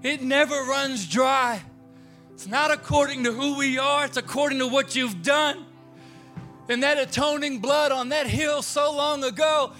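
A man preaches in a high, bright voice, mixing jokey storytelling with rising, fervent exhortation. He is on a large church stage with a stage microphone. Faint music plays underneath. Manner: animated, jokey storytelling building to loud preaching. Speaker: pastor. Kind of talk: sermon with storytelling.

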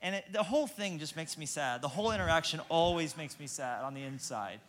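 High-voiced pastor, self-mocking storyteller. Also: male voice, expressive, brisk. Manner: self-deprecating storyteller, acts out quoted lines; prays in a soft, hushed tone. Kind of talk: sermon with humorous anecdotes.

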